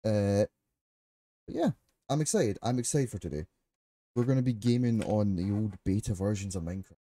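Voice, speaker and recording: A man's voice: on the low side, moderate pace, a little hiss or hum. A man streaming a game live, chatting casually with his viewers, laughing often and swearing freely. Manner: excitable and chatty.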